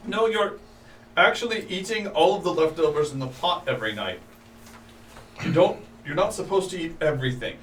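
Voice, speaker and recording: A man's voice: fairly high pitch, lively intonation, normal speed, a bit bright. A man playing a tabletop game, talking in a brash, joking and eager way. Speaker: player. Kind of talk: casual tabletop game chat. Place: room at a gaming table. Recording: echoey room, distant mic, faint hiss.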